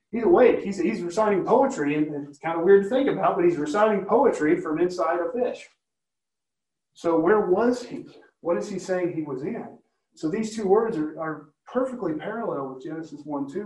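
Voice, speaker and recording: Man, Bible teacher, conversational, fairly high voice, roomy sound, heard from a distance. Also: darkish tone. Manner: conversational, asks the listeners questions often.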